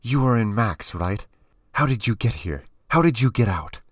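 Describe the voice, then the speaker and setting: A fierce female warrior gives orders and questions her captive in a cold, demanding tone, as a man puts her on. The pitch sits a little above the reader's deep voice, with a close, dry sound. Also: lively intonation, normal speed, no echo, natural voice. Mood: interrogating.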